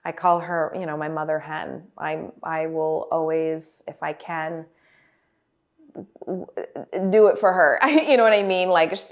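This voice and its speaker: Her voice sits low and her pace is measured. The woman, a guest performer in her forties, shares stories animatedly in a casual interview, with lots of fillers and restarts.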